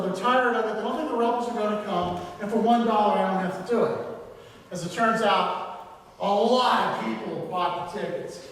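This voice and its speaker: Man, high voice, storytelling history lecture, distant mic, roomy hall reverb, faint hum. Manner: storytelling, conversational with filler uhs. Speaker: local historian giving a talk. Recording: echoey hall from far off, faint ambience.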